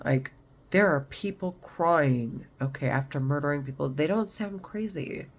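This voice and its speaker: A woman's voice: deep voice, a little slow. Agitated, rambling woman vlogging. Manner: agitated, rambling, heavy swearing. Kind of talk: monologue vlog.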